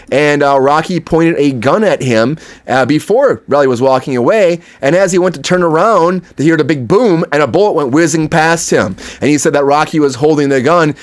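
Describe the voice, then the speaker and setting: A man hosting an entertainment news show, giving casual, opinionated commentary with frequent asides to his viewers. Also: on the high side. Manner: chatty, opinionated, lots of fillers and asides to viewers.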